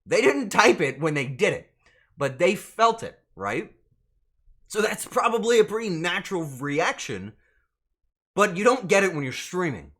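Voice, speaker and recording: Man, streamer, casual live chat, flustered swearing banter, somewhat high voice, pitch swinging wildly. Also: a bit bright.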